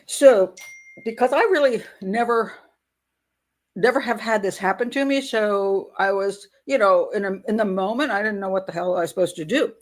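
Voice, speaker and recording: An older woman, a grandmother, hosts a casual livestream. She tells a story with indignation and dry humor, and her voice sits at an everyday middle pitch. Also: normal speed. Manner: indignant storytelling, wry laughs. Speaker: host.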